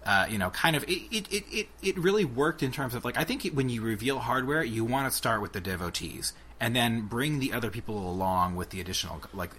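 A young man co-hosting a casual tech podcast, talking excitedly and rambling with lots of restarts. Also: medium pitch, a little fast, hardly any pauses, breathy edge. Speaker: podcast co-host.

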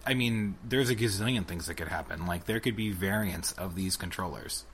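A young man co-hosting a casual tech podcast, talking excitedly and rambling with lots of restarts. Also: deep voice, normal speed, a little hiss or hum. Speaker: podcast co-host.

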